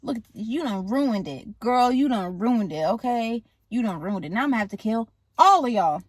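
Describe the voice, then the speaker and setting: Woman playing a menacing killer dad, slangy threats, voice sits a bit high, dry sound. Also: animated, no room sound. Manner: casual slangy threats, drawn-out taunts. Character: menacing middle-aged male serial killer father.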